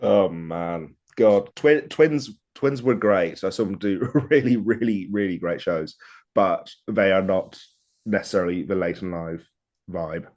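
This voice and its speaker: A man co-hosting a podcast, chatting eagerly and chiming in with quick agreement. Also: low voice, a little mellow. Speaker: podcast co-host. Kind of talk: casual podcast chat.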